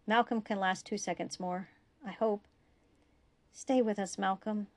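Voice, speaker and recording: A woman's voice: mid-range voice, steady tone, a little slow, a little mellow, lightly acted. A woman voicing a worried, pleading male engineer. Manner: pleading, urgent. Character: worried male engineer cradling a dying friend.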